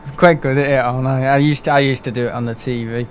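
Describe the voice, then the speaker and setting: A man's voice: mid-range voice, fairly even intonation, quick pace, a little hiss or hum. A young man, chatting casually and rambling through a live gaming stream, laughing often and poking fun at himself.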